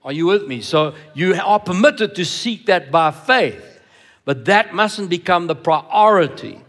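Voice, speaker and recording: A man's voice: sits high, animated, measured pace, fairly bright tone. A man preaching a sermon as pastor in a church, emphatic, repeating words for stress and asking the congregation questions. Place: church hall.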